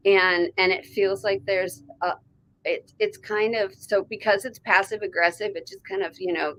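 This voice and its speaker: A woman's voice: medium pitch, a bit bright, rough recording. A woman doing an intuitive reading on a live stream, talking in a rambling, conversational way straight to the viewer. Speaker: intuitive reader. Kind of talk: live online reading session.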